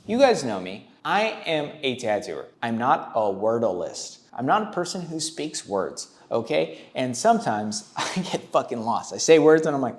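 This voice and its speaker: A man hosting, giving blunt, profane, rambling commentary on tattoos. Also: mid-range voice. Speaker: tattoo reaction host.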